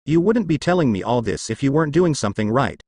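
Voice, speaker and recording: A man's voice: medium pitch, very animated, quick pace, darkish tone, no echo, studio quality. A man voicing a young female ninja, lovestruck and anxious, who stammers and hesitates. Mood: unsure.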